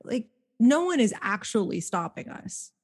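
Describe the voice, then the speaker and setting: A woman co-hosting a podcast in casual chat, candid and quick to laugh, swearing now and then. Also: on the high side, very animated, slightly rough. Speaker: podcast co-host.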